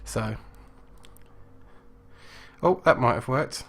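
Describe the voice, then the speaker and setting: Man, live stream host, casual rambling chat, mid-pitched voice, lots of ums. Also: drawn-out words, a bit bright. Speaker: streamer hosting a live show.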